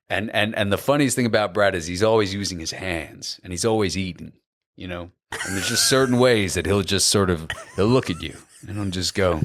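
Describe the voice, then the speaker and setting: A man's voice: deep voice, fairly bright tone, no room sound, studio quality. An Australian actor, a man, chatting animatedly as a podcast guest, with lots of restarts. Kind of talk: casual podcast chat.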